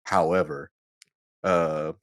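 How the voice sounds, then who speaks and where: A man's voice: very deep voice, steady tone, takes it slowly, fairly bright tone. A man co-hosting a casual podcast, delivering crude jokes in a mock-serious way. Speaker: podcast co-host.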